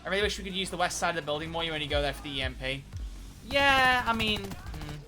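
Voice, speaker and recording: A man's voice: on the high side, expressive, fast talker, pushed and bright, soft background music. A young man streaming a video game, chatting casually and rambling in a jokey way, swearing freely as he plays. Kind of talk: casual gameplay commentary.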